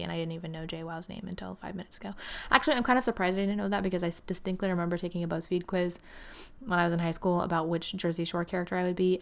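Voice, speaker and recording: Young woman, gravelly fry, lowish voice, rambling gameplay chat, slips into whispers. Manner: chatty and rambling, with frequent "like" and "um" and some laughter. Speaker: gaming channel host. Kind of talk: casual gameplay commentary.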